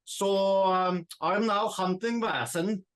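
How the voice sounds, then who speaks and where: A man voicing a lovesick young Swedish immigrant who hunts monsters, speaking with a put-on Swedish accent and halting English. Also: high voice, fairly even intonation. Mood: earnest. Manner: halting, searching for English words. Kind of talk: tabletop role-play in character.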